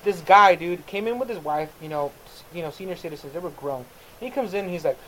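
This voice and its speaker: A man's voice: high-pitched, quick pace, fairly bright tone, a little hiss or hum, low-quality recording. A man telling profane stories in casual chat, swearing heavily and laughing through them.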